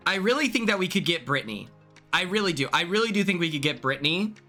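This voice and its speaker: Young male streamer, chatty, excitable, bright tone. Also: high voice, quick pace, soft background music. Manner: chatty and excitable, laughing often. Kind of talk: casual chat stream.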